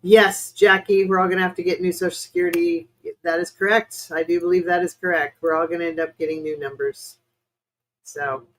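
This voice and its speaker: A woman's voice: on the low side, rough recording. Rambling woman doing a live spiritual reading. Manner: rambling and hesitant, with many fillers; apologetic, chatty address to viewers. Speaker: spiritual reader hosting a live stream. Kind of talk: live-stream reading answering chat questions.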